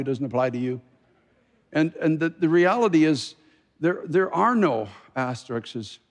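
A male pastor preaching a sermon with passion, swinging from loud exclamations to hushed pleading, in a church sanctuary. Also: fairly high pitch. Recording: long hall reverb.

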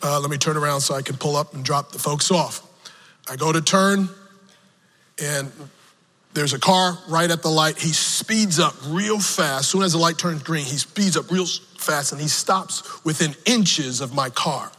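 A man preaching a sermon, telling a personal story slowly with emotional swings, from the pulpit of a church. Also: a little high, sharp tone. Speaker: pastor. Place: church sanctuary. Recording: long reverb of a large hall.

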